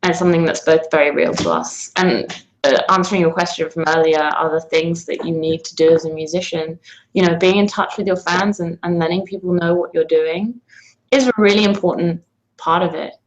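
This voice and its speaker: A woman's voice: low-pitched, rough recording. A woman from London with a London accent, a musician chatting casually in an interview and laughing easily between hesitant fillers. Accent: London English. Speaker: musician guest.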